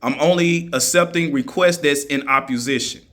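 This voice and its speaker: A man's voice: fairly high pitch, moderate pace, fairly bright tone. A man in a heated monologue, answering critics in an argumentative, mocking way and repeating his points for emphasis. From United States.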